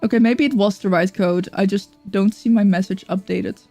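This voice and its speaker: A woman's voice: medium pitch, fairly even intonation, moderate pace, mellow, no room sound, faint music behind. Chatty woman streamer, dry close sound. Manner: chatty, greets viewers, coos at her cat. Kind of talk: casual live-stream chat.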